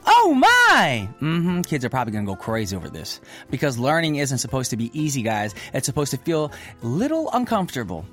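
A man's voice: mid-range voice, sing-song, fast, hardly any pauses, faint music behind. A man hosting a radio show in casual, playful chat, dropping easy asides as he reads listener messages. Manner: chatty and playful, with many "mm-hmm" and "y'all" asides. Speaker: radio host.

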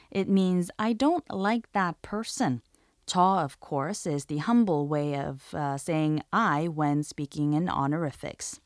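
A woman hosting a scripted language lesson, speaking clearly and deliberately and repeating each example phrase slowly. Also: lowish voice, animated, dry recording, studio quality. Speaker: host.

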